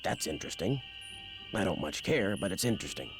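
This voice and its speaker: An actor playing a cranky, secretive old man with a Southern US twang and a gravelly voice in a mystery game. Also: deep voice, sing-song, fairly quick, over music. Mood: gruff.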